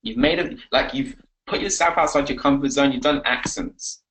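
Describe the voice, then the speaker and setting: A man coaching on a live webinar, energetic and repetitive, giving pep talks. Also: mid-range voice, normal speed, a little hiss or hum, rough recording. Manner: energetic, pep-talking, repeats himself. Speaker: confidence coach.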